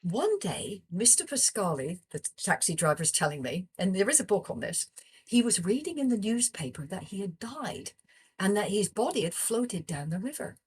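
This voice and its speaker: Woman, psychologist, husky, animated storyteller, interview guest. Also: medium pitch, moderate pace. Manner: animated storyteller, acts out quoted dialogue. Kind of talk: storytelling in a conversation.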